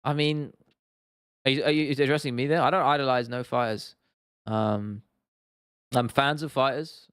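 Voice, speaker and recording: A man's voice: mid-range voice, fairly even intonation, normal speed, pauses often, a bit bright, clean tone, no echo, studio quality. A young man from England hosting a casual livestream, reading out chat comments and rambling with frequent restarts and laughs. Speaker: livestream host.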